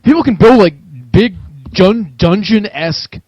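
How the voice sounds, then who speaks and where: A man's voice: high voice, expressive, a little mellow, slightly rough, dry recording, muffled recording. Brief: young male co-host, eager interjections, dry close voice chat sound. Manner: enthusiastic, quick interjections. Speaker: podcast co-host. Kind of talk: casual gaming chat.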